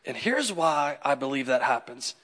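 A man preaching a sermon in a conversational, animated way, acting out the people in his stories. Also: mid-range voice, normal speed. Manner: animated, conversational, acts out quotes. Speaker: pastor.

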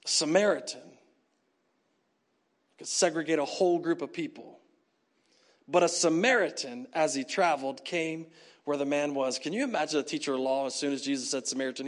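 Pastor guy preaching, high voice, super animated storytelling, does little voices. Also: normal speed, long pauses. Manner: animated storytelling, acts out characters. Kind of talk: sermon.

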